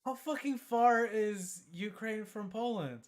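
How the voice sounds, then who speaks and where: A man's voice: high voice, takes it slowly. A man co-hosting a casual podcast, teasing and cracking jokes. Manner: teasing, wisecracking. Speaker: podcast co-host. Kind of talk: casual profane podcast banter.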